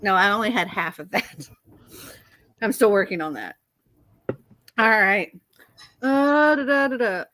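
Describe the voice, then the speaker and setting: A woman's voice: medium pitch, lively intonation, a little slow, long pauses, fairly bright tone, no room sound. A woman in her forties hosting a casual live chat, reading out text messages and giggling often. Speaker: host.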